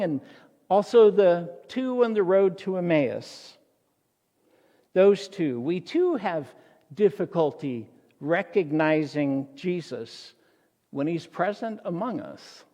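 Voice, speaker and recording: A man's voice: sits high, a little mellow, in a large hall, dull audio. A male pastor preaching a sermon in a church, in a storytelling manner.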